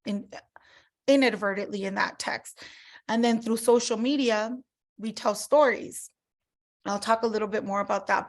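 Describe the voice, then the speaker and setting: A woman giving a casual sales training talk, chatty, full of fillers and acted-out customer quotes. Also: on the high side.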